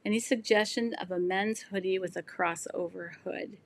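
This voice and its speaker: Medium-pitched and gravelly, she talks at a normal speed in a steady tone over slight background noise. The sewing channel host, a woman in her sixties losing her voice, reads viewer comments on a casual livestream, rambling and restarting with many ums.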